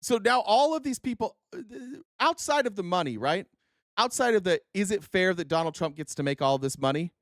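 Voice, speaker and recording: Brief: heated, foul-mouthed political commentator, sarcastic, mid-pitched, dry close recording. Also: expressive, brisk, a bit bright, no echo. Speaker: host of a political commentary show. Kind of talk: reading news excerpts and ranting commentary.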